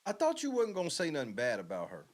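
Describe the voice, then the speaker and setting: A man's voice: on the high side, wildly swooping pitch, fast talker. A man hosting a podcast, reacting to a clip with blunt, profane, mocking commentary. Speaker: podcast host. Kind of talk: casual commentary.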